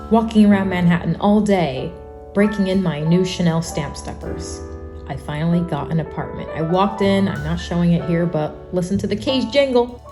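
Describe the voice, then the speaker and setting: A woman in her twenties narrating her vlog in a dramatic, playful way. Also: lowish voice. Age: 20s. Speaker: YouTube vlogger. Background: music.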